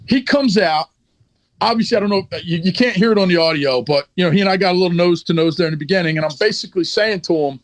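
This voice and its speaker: Man, high voice, blunt and profane storyteller, dry close sound. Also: fast, no room sound. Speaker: wrestler guest. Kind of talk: casual podcast storytelling.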